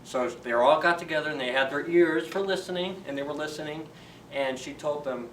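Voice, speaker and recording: A man's voice: a little high, fairly quick, slight background noise. Chatty man telling kids a story. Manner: chatty, animated, asks the kids questions. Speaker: children's librarian storyteller. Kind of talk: children's story time retelling. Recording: roomy echo, distant from the mic.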